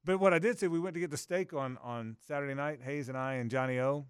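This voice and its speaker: A middle-aged male radio host spins a long, self-deprecating yarn, circling back and restarting his sentences as he goes. His voice sits at an ordinary pitch, and the studio sound is close and dry. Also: quick pace, clean tone, no echo. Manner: rambling storyteller, self-mocking, lots of restarts. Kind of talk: casual radio banter.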